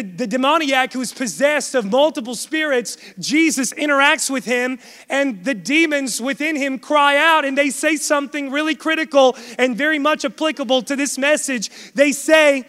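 A man's voice: very high-pitched, normal speed, bright, forceful tone. A man preaching a sermon to a congregation, emphatic and swelling in force. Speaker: pastor. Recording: long hall reverb.

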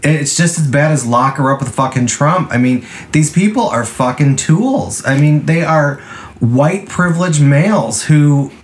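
A man's voice: fairly high pitch, animated, a little slow. A man co-hosting a casual podcast, ranting with heavy profanity. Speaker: podcast co-host. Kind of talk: casual chat.

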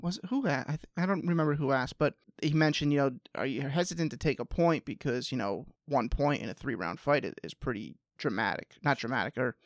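A man's voice: mid-range voice, brisk, few pauses, no room sound, clean studio sound. A man co-hosting a podcast in casual chat, agreeable and stumbling over his words now and then. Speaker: podcast co-host.

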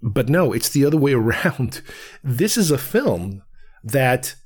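A man's voice: medium pitch, sing-song, measured pace, husky. Digressive man reviewing films. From Queens, New York. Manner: digressive, restarts thoughts often. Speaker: film reviewer. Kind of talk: casual film commentary.

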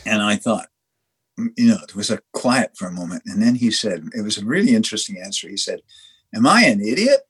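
A man from Canada, a dry stone waller guest, telling stories in a halting way with many restarts and lively quoted dialogue. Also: lowish voice, breathy edge. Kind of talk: conversational storytelling.

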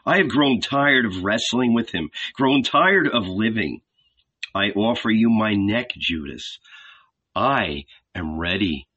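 A man voicing a gentle, resigned young man who speaks quietly and calmly. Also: on the low side, slow, slightly rough, lo-fi sound, exaggerated voice. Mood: serene. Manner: quiet, soft-spoken.

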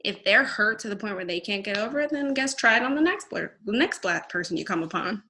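A woman's voice: medium pitch, animated, brisk, sharp tone. A woman co-hosting a casual podcast, talking bluntly and straight, acting out quoted exchanges with animation. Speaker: podcast co-host.

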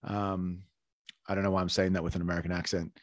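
An Australian man hosts a relaxed podcast chat, talking in a fairly low voice. He rambles a little, with fillers and restarts. The sound is dry and close, with little room in it. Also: fast, no room sound. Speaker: podcast host. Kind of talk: casual podcast interview. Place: Colombia.

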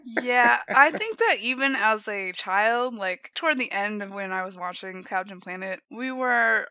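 Woman, bright clear voice, dry close sound, casual podcast chat, laughs a lot. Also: medium pitch, unhurried, dry recording. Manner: laughs often, animated retelling. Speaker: podcast co-host.

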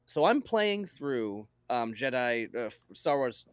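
A man's voice: medium pitch, sing-song, slow, smooth, dry recording. A man chatting casually about films and games, telling anecdotes. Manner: chatty, storytelling with exaggerated quotes. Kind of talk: casual movie review chat.

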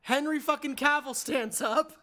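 A woman's voice: sits high, normal speed, bright, forceful tone. A woman co-hosting a podcast, talking bluntly about a movie and swearing casually. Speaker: podcast co-host. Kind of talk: casual movie recap chat.

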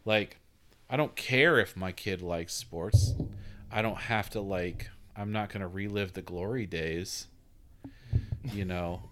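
A man's voice: sits low, slow pace, fairly bright tone, slight background noise. A man who is a podcast guest, talking about fatherhood in a thoughtful, rambling way. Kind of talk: casual conversation.

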